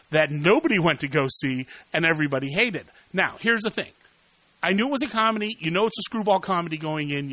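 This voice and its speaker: A man's voice: high-pitched, fairly bright tone, dry recording, poor audio. A middle-aged man hosting a casual movie review podcast, talking animatedly and repeating words when worked up.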